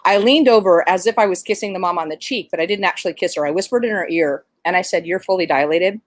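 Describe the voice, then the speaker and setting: A woman who works as a midwife and doula tells a birth story in an animated, conversational way, with plenty of fillers. Her voice sits at a middle pitch. The recording is dry and close. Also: fast talker, no room sound.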